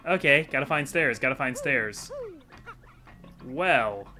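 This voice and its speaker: A man talks his way through a video game in a casual, rambling, self-deprecating manner. His voice is bright and sits at an ordinary pitch. Faint game music runs in the background. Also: expressive, slow pace. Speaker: video game let's-play host. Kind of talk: casual gameplay commentary.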